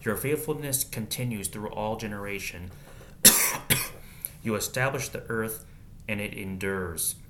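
A man with a fairly low voice reads scripture aloud in a relaxed, casual way. Between verses he drops in quick, slangy asides before going back to the text. A faint low rumble sits behind him.

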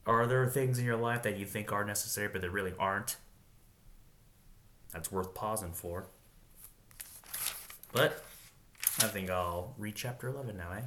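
A man's voice: fairly low pitch, normal speed, pauses often, a bit bright. A man reading Bible passages aloud and stopping to muse on them, chuckling often as he comments.

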